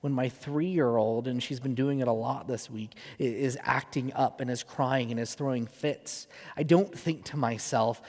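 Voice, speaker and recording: A man in his thirties preaches a sermon in an earnest, conversational way, often pausing on fillers. His voice has a gravelly edge at a middle pitch. The sound carries the long reverb of a large hall. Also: darkish tone. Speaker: pastor.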